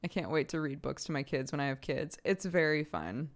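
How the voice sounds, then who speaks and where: A man's voice: fairly high pitch, expressive, fairly quick. A young man streaming, chatting casually with viewers, reading out their messages and laughing often.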